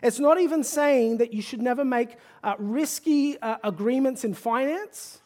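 A man's voice: extremely high pitch, normal speed, a little mellow. A male pastor preaching a sermon. He talks conversationally and rises to an emphatic, pleading exhortation.

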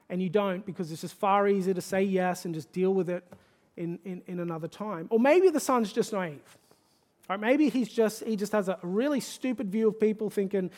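Emphatic conversational pastor preaching. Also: male voice, high voice, moderate pace, a little mellow. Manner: conversational and emphatic, rising to pleading exhortation. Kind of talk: sermon.

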